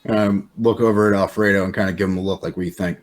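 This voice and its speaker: A man as a player in a tabletop role-playing game, speaking in a measured way. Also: low-pitched, steady tone.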